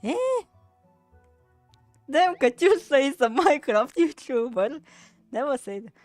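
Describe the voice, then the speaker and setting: Casual game streamer, woman, rambling and foul-mouthed, unhurried, dry close sound. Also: high-pitched, lively intonation, a little mellow, dry recording, soft background music. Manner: rambling, swears freely, many fillers.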